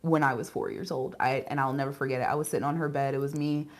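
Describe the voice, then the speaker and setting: A woman doing a casual live tarot reading, chatty and candid, with casual swearing and quick giggles. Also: extremely low pitch, fairly even intonation. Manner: emotional and giggly. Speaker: tarot reader.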